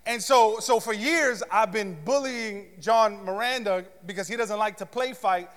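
A man preaching a sermon as pastor, telling a comic story with loud shouts and mock gasping. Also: sits high, unhurried. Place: church sanctuary. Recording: long hall reverb.

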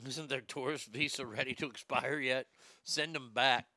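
A middle-aged man hosting a comedic show segment, ranting loudly and profanely and repeating himself. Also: mid-range voice, fairly even intonation, moderate pace, no room sound, clean studio sound. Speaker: show host.

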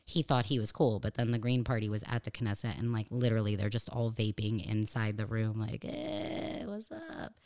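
A woman's voice: extremely low pitch, little pitch movement, brisk, hardly any pauses, darkish tone. A woman in her thirties chatting as an interview guest, joking with fillers and asides, her voice said to sound like a cartoon. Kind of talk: casual comedic interview chat.

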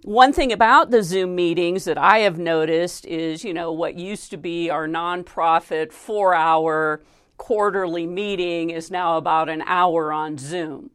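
A woman's voice: on the low side, unhurried, smooth. A woman hosting an interview who asks long, thoughtful questions. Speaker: interview host. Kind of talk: conversational interview.

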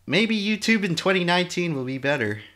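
A man's voice: sits high, expressive, a little fast, sharp tone, a little hiss or hum. A man co-hosting a podcast in casual chat, speaking earnestly and articulately with a wry edge. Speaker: podcast co-host.

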